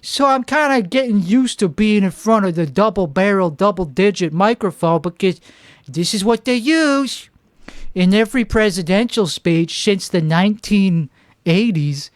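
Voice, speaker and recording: A man's voice: high-pitched, no room sound, clean studio sound. A man playing a self-important, clueless would-be politician who hosts a comic monologue, rambling and boastful and stumbling over his restarts. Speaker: comedy show host. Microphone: two microphones.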